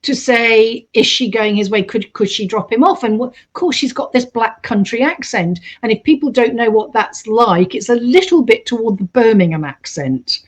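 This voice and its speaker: Female host narrating a true story in a casual tone, with a slightly high voice, acting out the quoted voices. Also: normal speed, hardly any pauses. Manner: animated, acts out quoted voices.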